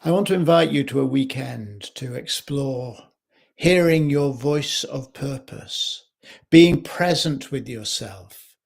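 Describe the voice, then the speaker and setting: Slow, gravelly-voiced male life coach. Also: mid-range voice. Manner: slow, measured, with pauses. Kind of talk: reflective talk to camera. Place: home kitchen.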